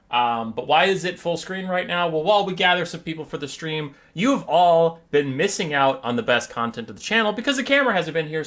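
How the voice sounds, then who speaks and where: A man chats casually on his live game stream in a playful way. His pitch moves around a lot, and he keeps switching into high baby talk with his dog and cat. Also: a bit bright.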